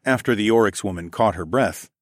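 An audiobook narrator with a very deep voice reads a first-person erotic story in a low, intimate, unhurried manner. The recording is dry and close-miked, with no room sound.

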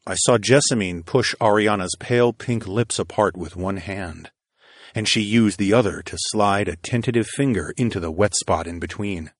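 A man narrating an erotic audiobook in the first person, in a slow, intimate, steady storytelling manner. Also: lowish voice, no room sound, studio quality.

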